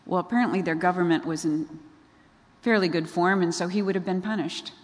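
A woman with a fairly low voice preaches a sermon briskly and conversationally, often putting questions to her listeners. The long reverb of a large hall surrounds her.

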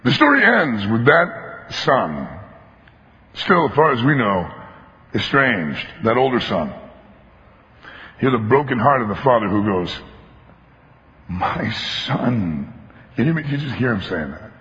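A man's voice: medium pitch, big pitch swings, a little slow, long pauses, sharp tone. A man preaching a sermon, telling a story with emphatic animation and acting out the voices of its characters. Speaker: pastor. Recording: long hall reverb, dull lo-fi sound.

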